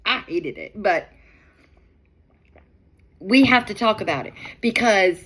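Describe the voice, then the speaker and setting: A middle-aged woman hosting her own channel, chatting in a drawn-out, exasperated way as she comments on video clips. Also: mid-range voice, animated, a bit bright, a little hiss or hum.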